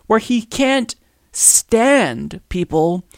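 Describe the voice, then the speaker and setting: A man hosting a political commentary podcast, ranting with exasperation and firing off rhetorical questions. His voice sits high for a man. The sound is dry, with no room echo. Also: big pitch swings, extremely slow. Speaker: podcast host.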